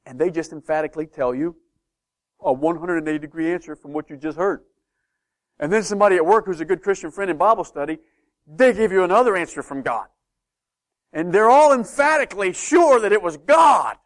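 A man preaching a sermon to a congregation, shifting between loud, animated bursts and hushed, quiet passages. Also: fairly high pitch, fast. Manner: animated, swings from loud to hushed, acts out doubters' voices.

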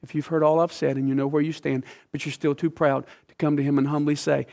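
A man preaching a sermon with emphasis, dropping from loud phrases to hushed whispers and asking the listeners questions like a teacher. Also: a little high, little pitch movement, fairly quick, creaky, hardly any pauses.

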